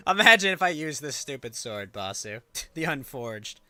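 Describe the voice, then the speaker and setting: A man's voice: medium pitch, sing-song, measured pace, bright, forceful tone, no echo. A man streaming a game, chatting casually in a wry, rambling way with offhand swearing. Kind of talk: casual gameplay commentary.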